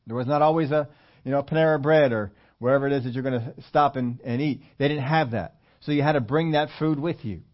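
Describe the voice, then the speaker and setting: A man's voice: mid-range voice, a little fast. Preaching man, dull lo-fi sound. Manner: dramatic preaching, reading scripture aloud with shifts between loud and hushed. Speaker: pastor. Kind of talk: sermon.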